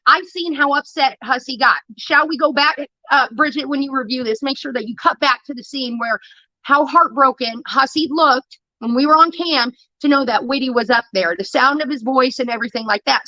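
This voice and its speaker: Woman livestreamer, high-pitched, sharp bright tone, confrontational profane rant, dry close mic. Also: no room sound, dull audio. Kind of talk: ranting livestream monologue.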